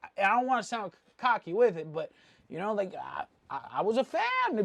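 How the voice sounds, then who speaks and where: A man's voice: sits high, huge pitch swings, fairly quick, creaky, fairly bright tone, dry recording. A man from Mexico City, a jewelry vlogger, giving a rambling, slang-heavy opinion rant with frequent asides.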